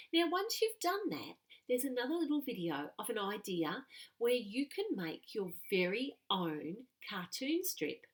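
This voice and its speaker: A woman teaching a lesson to young children, patient and clear. Her pitch moves a lot as she talks, animated and bouncy, and she reads example sentences aloud with expression.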